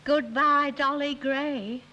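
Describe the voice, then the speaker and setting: Brief: gentle, vague older Northern woman, high voice. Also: steady tone, takes it slowly, lo-fi sound, full character voice. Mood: mild. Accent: Northern English.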